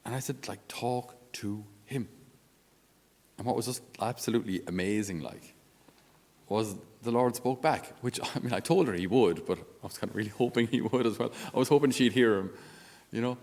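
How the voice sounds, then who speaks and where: A man's voice: medium pitch, moderate pace, a little mellow, in a large hall. A male Catholic priest giving an informal spiritual talk on his podcast in a conversational, down-to-earth way with self-deprecating humor.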